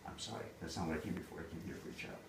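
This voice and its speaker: A man voicing a sly male goblin who bargains calmly and smugly, in a casual told fairy tale. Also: low-pitched, racing. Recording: roomy, distant mic, background noise.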